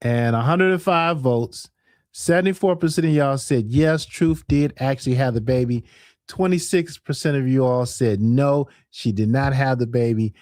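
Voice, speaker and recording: A man hosting a casual livestream, reading viewer comments aloud, laughing often and answering the chat with an animated manner. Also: mid-range voice, normal speed, no echo, clean studio sound. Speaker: livestream host. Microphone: headset or desk mic with earphones.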